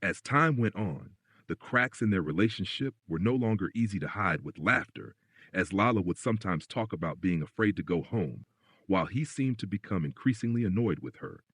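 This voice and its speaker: Deep, husky narrator with a dry, close sound. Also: male voice, animated, normal speed, a bit bright, no room sound. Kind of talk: scripted documentary narration.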